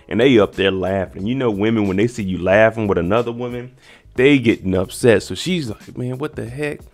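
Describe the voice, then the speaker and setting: Low-voiced man recapping a TV episode. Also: creaky, faint music behind. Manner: chatty, acts out characters' lines in quick voices. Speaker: recap host. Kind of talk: casual TV recap commentary.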